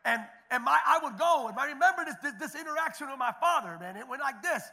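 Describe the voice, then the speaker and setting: A middle-aged male pastor delivers a sermon in a strikingly high, bright voice. He tells stories in a loose, conversational way, repeating himself and restarting, then climbs into loud, shouted declarations. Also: animated, quick pace. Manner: swings from quiet storytelling to loud shouted preaching.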